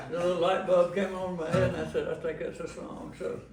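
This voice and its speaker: A man's voice: high-pitched, heavy background noise. An older man from Arkansas, telling rambling, folksy stories with chuckles and restarts, performing at home for visitors. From Arkansas, USA. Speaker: singer-songwriter performing for visitors. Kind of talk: storytelling between songs. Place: his home. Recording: echoey room, mic from a distance. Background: guitar playing.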